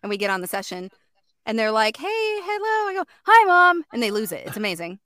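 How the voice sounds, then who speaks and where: A woman's voice: mid-range voice, fairly even intonation, very fast, fairly bright tone, no room sound, studio quality. A woman in her thirties, a voice actor in a breezy casual chat on a video call. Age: 30s.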